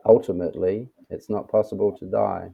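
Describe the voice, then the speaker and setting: A low, gravelly man's voice comes through thin, phone-like audio. He speaks as an interview guest on a video call, calm and self-assured. He takes his time with every thought. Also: a little fast. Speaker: interview guest, mystic teacher. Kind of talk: reflective interview talk.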